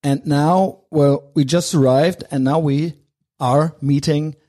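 A man's voice: a little high, steady tone, slow pace, mellow. A man with a German accent hosting a podcast from a hotel room, chatting casually, laughing easily and teasing his guest. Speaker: podcast host.

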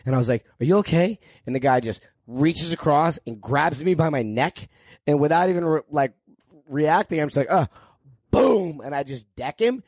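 A man's voice: on the high side, lively intonation, normal speed, darkish tone, no echo, studio quality. A man who is a podcast guest, telling stories in a casual, crude and joking way and swearing freely. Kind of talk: casual storytelling.

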